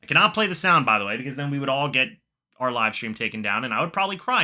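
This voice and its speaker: A live stream host calls plays and chats with viewers from home while the game plays on screen. He races along in a mid-range voice, getting excited when plays happen and muttering asides quietly.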